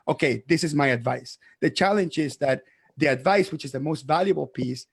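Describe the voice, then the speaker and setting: A man who grew up abroad, an accountant hosting a podcast, argues emphatically in a heated debate, stumbling over restarts. His voice is fairly high, gravelly and husky, and he talks a little fast.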